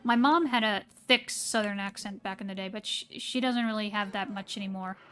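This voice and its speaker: A woman's voice: medium pitch, brisk, fairly bright tone. Woman, standard American accent, casual live-stream chat, rambling with fillers, faint game music behind. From American South. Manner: rambling, hesitant with many fillers.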